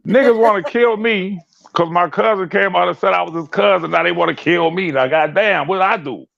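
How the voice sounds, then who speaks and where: A man talking bluntly in a casual live-stream chat, animated, swearing and often laughing. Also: sits high, brisk, creaky. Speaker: guest commentator. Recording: dull lo-fi stream audio.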